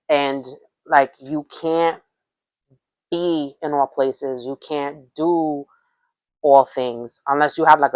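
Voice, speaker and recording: A woman's voice: low voice, no room sound. A woman with a Spanish accent giving a casual tarot reading to her viewers, rambling and often restarting her phrases. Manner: rambling, repeats and restarts phrases, frequent "okay?". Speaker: tarot reader.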